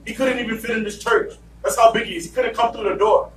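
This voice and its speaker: A man's voice: very high-pitched, steady tone, fast talker, recorded from a distance. A man preaching a sermon in a church, telling a story and acting out what the characters say. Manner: storytelling, acts out voices of the characters. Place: church sanctuary. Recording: echoey church room from afar.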